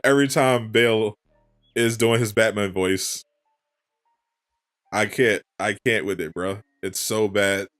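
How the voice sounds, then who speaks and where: A man's voice: fairly low pitch, steady tone, a little slow, long pauses, fairly bright tone, faint music behind. A man streaming, chatting in a laid-back way with frequent restarts, close to a desk microphone. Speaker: gaming streamer. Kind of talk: casual chat. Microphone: desk condenser mic.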